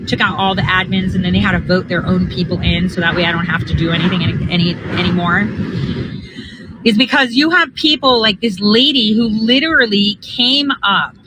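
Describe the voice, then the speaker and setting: A woman's voice: mid-range voice, brisk, very noisy. A woman talking casually to her viewers while out getting coffee, blunt, emphatic and often swearing. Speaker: political organizer vlogger. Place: out and about heading to a coffee drive-thru.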